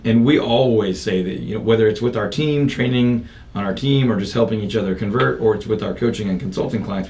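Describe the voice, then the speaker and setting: Chatty man hosting a podcast. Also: lowish voice. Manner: upbeat, talkative, loose with fillers and restarts. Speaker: podcast host and real estate coach. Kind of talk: casual podcast chat. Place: office studio.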